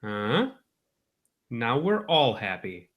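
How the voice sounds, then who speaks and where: A man's voice: mid-range voice, sing-song, takes it slowly, a bit bright. A man co-hosting a podcast, chatting casually with dry, short quips and agreeing replies. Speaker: podcast co-host. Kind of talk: casual chat.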